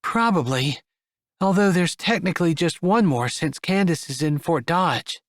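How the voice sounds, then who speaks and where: A man's voice: a little high, expressive, measured pace, no echo, clean studio sound, voice pushed up. A man playing a shy, awkward young cowboy.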